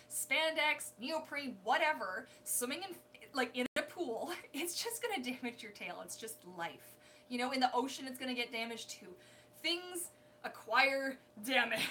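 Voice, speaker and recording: A young woman chats on a live stream from her apartment in a bright, forceful voice set a little high. She is animated, breaks into laughs and scatters casual fillers through her talk. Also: a little hiss or hum. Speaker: live stream host, mermaid performer. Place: home apartment. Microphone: phone.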